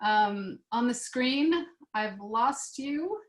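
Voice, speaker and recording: Speaking very slowly in a slightly high, expressive voice, a woman from the United States leads an online class interview on a video call. She keeps things friendly and talkative, using lots of fillers, and the room has an echo.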